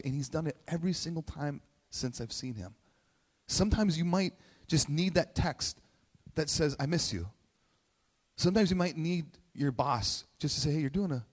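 A man's voice: a little high, darkish tone. A man preaching a conversational sermon, emotional and close to tears at times, who keeps asking "right?". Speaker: pastor. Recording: long hall reverb.

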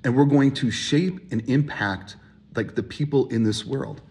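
A man preaching a sermon, animated and emphatic, acting out the voices of people in his stories. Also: medium pitch, unhurried, husky. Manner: animated, acts out voices in quotes, rising emphasis. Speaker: pastor.

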